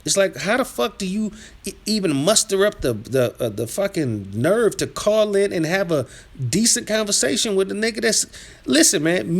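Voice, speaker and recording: A man hosting a live stream, reading chat aloud and trash-talking viewers in a combative, rambling rant that drops to mutters and rises to yelling. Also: very animated, normal speed, gravelly. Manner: swings from low muttering to loud yelling. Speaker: livestream host reading chat.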